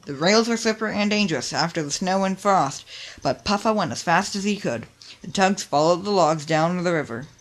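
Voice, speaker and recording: A calm storybook narrator who reads the picture-book story at an even, gentle pace. The delivery stays soft and steady between the characters' lines. It is a homemade reading. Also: mid-range voice, a little fast.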